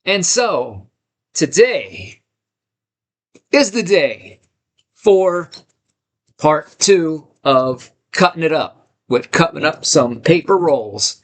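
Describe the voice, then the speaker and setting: Man, live stream host, unhurried delivery, slightly high voice, hyped, home studio. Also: sing-song. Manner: hyped, greets chat viewers one by one. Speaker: livestream host. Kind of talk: casual live-stream chat.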